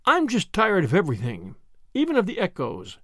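A man's voice: high voice, wildly swooping pitch, normal speed, pushed and bright, dry recording, clean studio sound, exaggerated voice. A man reading the part of a wistful, romantic middle-aged woman in an audiobook, dramatic and melancholy.

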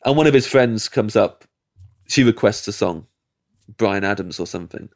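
An English comedian telling a long anecdote as a podcast guest, acting out the people in it and laughing mid-sentence. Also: male voice, fairly low pitch, moderate pace. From England. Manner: animated, acts out quoted voices, laughs mid-sentence. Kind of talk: storytelling anecdote.

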